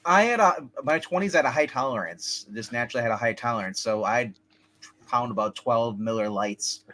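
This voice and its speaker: A man's voice: mid-range voice, normal speed, bright, forceful tone. A man hosting a comics livestream, chatting casually, joking and laughing often and restarting his sentences.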